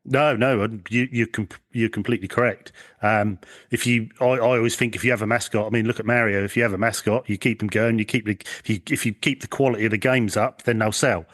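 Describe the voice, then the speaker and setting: A man's voice: lowish voice, steady tone, fast, hardly any pauses, fairly bright tone. A man hosting a podcast in casual chat, agreeable, often repeating words and restarting sentences. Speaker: podcast host.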